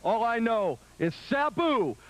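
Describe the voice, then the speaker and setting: A man interviewing a wrestler on television, excitable and exclamatory. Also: extremely high pitch, takes it slowly.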